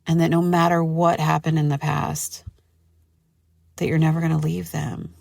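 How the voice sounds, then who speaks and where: A woman's voice: deep voice, level tone, moderate pace, creaky, darkish tone, no room sound, studio quality. A woman hosting her own podcast, talking casually in a chatty, gushing way with lots of fillers. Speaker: podcast host. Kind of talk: casual solo podcast talk.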